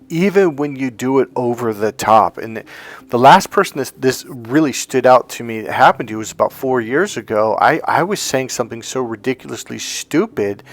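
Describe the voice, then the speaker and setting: A middle-aged man and self-help coach talking casually, telling stories with plenty of restarts and acting out what people said. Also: medium pitch. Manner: chatty, animated storytelling with acted-out quotes. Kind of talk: casual talking-head advice.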